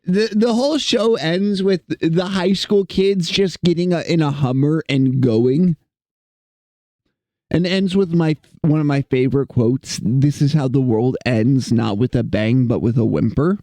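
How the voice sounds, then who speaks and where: Young dude rambling to chat while drawing, slow talker, dry close mic, jokey. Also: male voice, a little high, dark tone, dry recording. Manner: rambling, self-mocking, jokey. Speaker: streamer.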